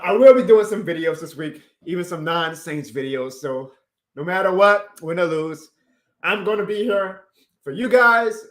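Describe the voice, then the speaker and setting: Heartfelt rambling streamer in an echoey room. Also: male voice, fairly high pitch. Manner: heartfelt, rambling, laughs often, reads chat aloud. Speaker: YouTube sports streamer. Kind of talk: casual live stream chat.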